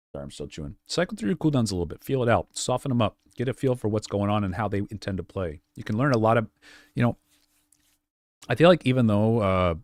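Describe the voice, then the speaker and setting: A man with a fairly low voice gives live-stream coaching on gameplay. He is blunt and direct, repeats his points and fills the gaps with filler words. The sound is dry and close, with no room echo. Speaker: game coach.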